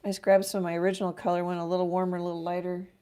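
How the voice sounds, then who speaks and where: A woman's voice: fairly low pitch, level tone, racing, mellow, clear, resonant tone. A woman talking through her painting in a casual livestream from her art studio, musing to herself as she works. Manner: musing, self-talk while painting, trails off. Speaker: art teacher painting live.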